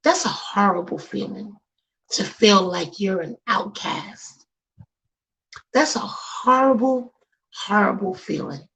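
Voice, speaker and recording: A woman's voice: medium pitch, lively intonation, slow pace, gravelly, a bit bright, poor audio. A woman from the Bronx with a New York accent, hosting a talk show in an emphatic, sermon-like way, slangy and direct with her listeners. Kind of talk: preachy talk-show monologue.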